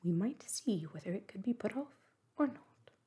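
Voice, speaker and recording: Whispered role-play, nosy older hostess voiced by a woman, breathy, mellow, coaxing. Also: mid-range voice, expressive, normal speed. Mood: prying.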